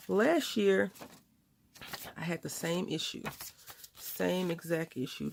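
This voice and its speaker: A woman chatting casually at home, telling a story while crafting, with lively quoted voices. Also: on the low side, gravelly. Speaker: crafting vlogger.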